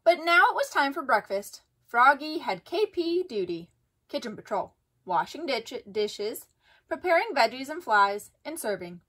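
A woman reading a children's storybook aloud, expressive and sing-song, acting out every sound effect. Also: sits high, measured pace. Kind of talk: storybook read-aloud for kids.

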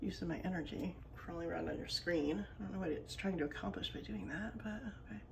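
A woman's voice: lowish voice, quick pace, creaky, distant mic, a little hiss or hum, pitched below the performer's own voice. A dry, unimpressed lady squirrel, as a woman voices her.

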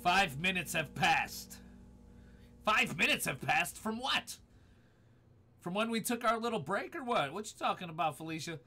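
A man streams a horror game live, swearing as he goes and answering his chat. His voice sits a little high and leaps around as he gets startled. Game music plays clearly behind him. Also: expressive, moderate pace, pushed and bright. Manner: profane, jumpy, talks back to chat. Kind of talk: live gaming stream commentary.

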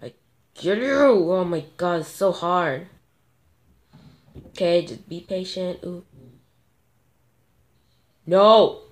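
A woman commentating her own gameplay, excitable and gasping at sudden moments, thinking aloud and talking to viewers. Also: lowish voice, slow, pauses often. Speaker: gamer.

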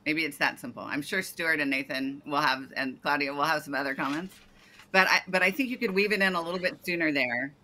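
A woman's voice: low-pitched, brisk, pushed and bright. A woman coaching a startup founder over a video call, giving detailed feedback and often correcting herself mid-sentence.

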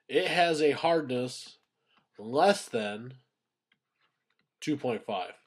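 A man's voice: medium pitch, takes it slowly. Man giving a plain science lecture. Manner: plain explanatory, stresses key terms. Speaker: science teacher. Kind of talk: recorded classroom lecture.

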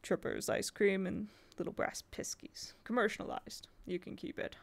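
A woman's voice: medium pitch, fairly even intonation, normal speed, gravelly. A woman voicing a grumpy, scornful male professor in a storybook, grumbling.

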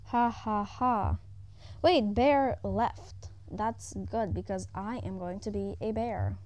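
A woman at home giving casual, excitable commentary as she plays a video game. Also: mid-range voice, unhurried, a little hiss or hum. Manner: excitable, exclaiming often, chatting to herself. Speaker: gaming YouTuber. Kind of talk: casual let's-play commentary.

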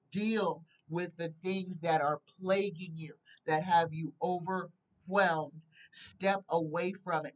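Woman, tarot reader, unhurried, earnest and pleading, reads card words aloud, set back from the mic. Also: fairly low pitch, far from the mic, poor audio. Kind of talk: live tarot reading.

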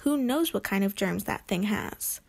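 A woman's voice: mid-range voice, animated, gravelly. A woman voicing a busy, distracted mother who is fussy and squeamish, in a storybook read-aloud. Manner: brisk, fussy, shrieks at the mouse.

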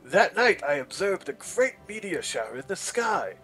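A man's voice: high-pitched, big pitch swings, normal speed, pushed and bright, faint music behind, voice pushed up, exaggerated voice, low-quality recording. Ansem, a man doing a dramatic British scholar. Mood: wondering. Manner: dramatic, wondering reading. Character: excited male scholar reading his research journal.

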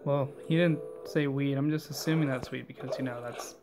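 A young man telling a rambling, animated story while playing a game, full of fillers and asides. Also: mid-range voice, a little fast, noisy background. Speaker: gaming channel host.

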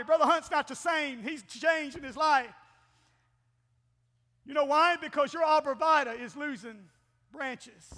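A middle-aged man preaching a folksy, animated Pentecostal sermon as pastor in a church. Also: very high-pitched. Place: church sanctuary. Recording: long church-hall reverb.

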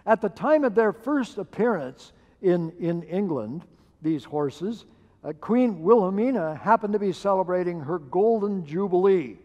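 A male pastor with a high voice tells a sermon story at an unhurried pace, pausing on fillers as he goes. His words ring out with the long reverb of a church sanctuary. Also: lively intonation, dark tone, dull audio. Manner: measured storytelling with hesitant fillers.

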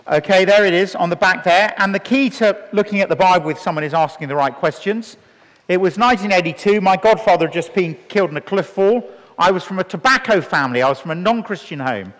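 Preacher guy in his 50s, tells stories, voice jumps all over, big echoey hall. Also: sits high. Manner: animated storytelling, acting out dialogue. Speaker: evangelist preacher. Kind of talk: sermon. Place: church hall with a live audience. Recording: long reverb in a hall.

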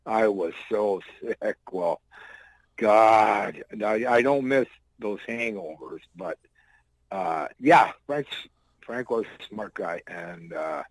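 Low-voiced older man spinning rambling stories. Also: lively intonation, slow, no echo, low-quality recording. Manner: loose, rambling anecdotes with blunt, salty wording. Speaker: guest, former pro wrestler. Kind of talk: casual storytelling.

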